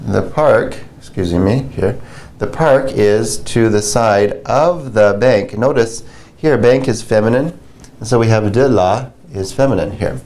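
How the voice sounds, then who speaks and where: A low-pitched man gives a beginner language lesson at an unhurried pace. He explains patiently and conversationally, pausing with fillers as he works through examples. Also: a little mellow. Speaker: French teacher.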